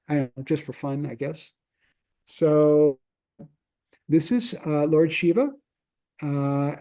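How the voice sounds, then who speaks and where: A man lecturing from slides, halting often with fillers and restarts. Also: fairly high pitch, warm tone.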